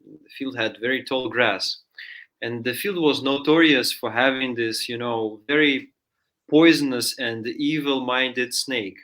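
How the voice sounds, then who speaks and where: A man's voice: medium pitch, measured pace, a bit bright. A man from Russia telling a folk story in a chatty way, full of fillers, in a studio. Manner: chatty, many fillers, acts out voices in story. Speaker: guest storyteller. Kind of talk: casual spoken storytelling.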